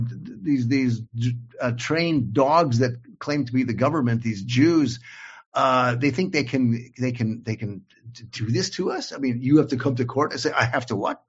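A man's voice: mid-range voice, breathy edge. A man in a casual online conversation, speaking emphatically and defiantly, rambling and repeating words as he searches for them. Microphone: video call. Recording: dull lo-fi call audio.

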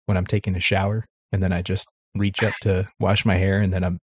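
Male co-host, low and flat, husky, easygoing, dry muffled audio. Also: fairly quick, dry recording. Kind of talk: casual chat.

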